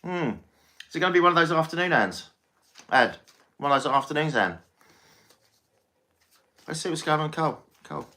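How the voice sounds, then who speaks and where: Male tarot reader on a live stream; bright tone, chatty and soothing, says things twice. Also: on the high side, expressive, moderate pace, pauses often. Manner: chatty, reassuring, repeats himself.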